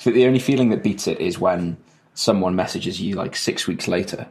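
This co-host has a low, darkish voice and a moderate pace, and he's joining the podcast by remote call from home on a rainy day. He chats loosely, wandering off-topic, cracking jokes, and cutting himself off mid-thought.

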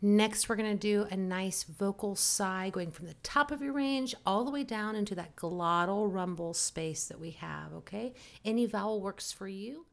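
A woman, the host of the show, leading a guided vocal warm-up lesson with calm, encouraging instructions. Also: medium pitch, normal speed, vocal fry, hardly any pauses. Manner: calm, encouraging instruction with cues to body awareness. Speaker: voice teacher and podcast host.

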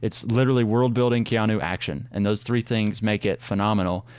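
A man's voice: on the low side, fairly even intonation, brisk, darkish tone, clean tone, no echo. Enthusiastic young man reviewing movies. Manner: enthusiastic, lots of "like" fillers. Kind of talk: casual movie review chat.

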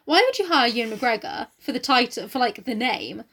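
A woman's voice: fairly high pitch, animated, a little fast, a bit bright, slightly rough. A young woman running a tabletop game who drifts into casual, sweary ranting asides. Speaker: game master.

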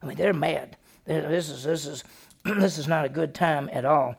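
A male pastor, preaching a sermon and retelling a story with animated delivery, acting out the characters' lines. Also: on the high side, moderate pace, gravelly, slightly rough.

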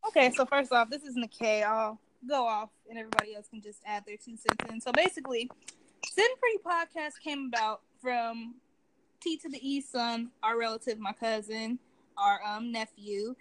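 A woman podcast guest in casual chat, telling the story of her show in a relaxed way. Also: a little high, normal speed. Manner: relaxed, storytelling, recounts events. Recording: clicking noise in the background.

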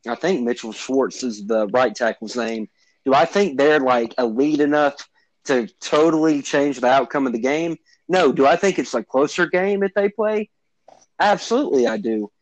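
A man's voice: mid-range voice, dry recording, low-quality recording. Football podcast guy, mid voice, careful and hedgy, lots of ums, dry sound. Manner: measured, hedging, many fillers. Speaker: sports podcast co-host. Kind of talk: sports debate.

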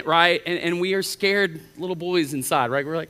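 A middle-aged man, a college pastor preaching a sermon in an animated way, often acting out the voices of the people he quotes. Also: fairly high pitch, fairly quick, hardly any pauses. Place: church auditorium. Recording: reverberant church hall.

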